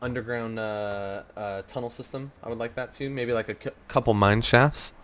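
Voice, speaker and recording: A man's voice: mid-range voice, steady tone, moderate pace, fairly bright tone, a little hiss or hum. A young man as a podcast guest, rambling through gaming stories with lots of fillers and restarts. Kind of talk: casual podcast interview.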